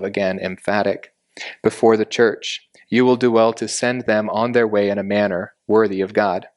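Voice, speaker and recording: A man with a lowish voice leads a Bible lesson, explaining each verse step by step. His delivery is measured and deliberate, and he slows down on the words he wants to stress. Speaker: Bible teacher.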